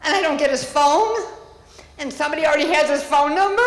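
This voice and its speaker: A woman's voice: high-pitched, fast talker. A grieving woman speaking at a public meeting, tearful and angry, her voice breaking as she talks. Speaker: public commenter. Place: village board meeting hall. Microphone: podium microphone. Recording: echoey hall, long reverb.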